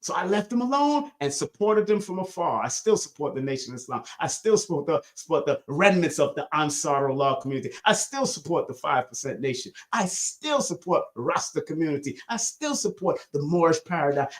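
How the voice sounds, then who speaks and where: A man leads a spiritual lesson on a live stream in a preachy, emphatic style, repeating lines to give them weight. He swings between loud, high bursts and low, quiet asides.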